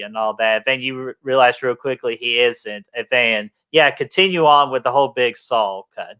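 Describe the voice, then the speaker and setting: A man co-hosting a casual movie review, laid-back and relaxed, with plenty of ums and uhs. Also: mid-range voice, normal speed, few pauses, clean tone. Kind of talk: casual chat.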